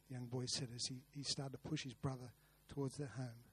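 A man's voice: medium pitch, little pitch movement, a little fast, fairly bright tone, slightly rough. A man preaching a sermon, earnest, with rhetorical questions and repeated words. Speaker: pastor. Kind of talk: sermon with a told story.

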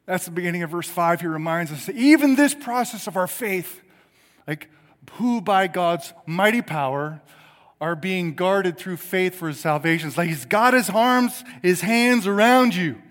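A middle-aged man preaching a sermon in a conversational way, swinging from loud emphasis to quiet asides. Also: high-pitched, lively intonation, normal speed, in a large hall. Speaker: pastor.

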